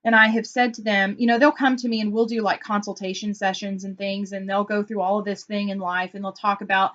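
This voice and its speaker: A woman with a medium-pitched voice talks briskly, barely pausing, in a muffled recording. She's an Enneagram consultant on a relaxed vlog, explaining personality types through animated tales and acted-out quotes.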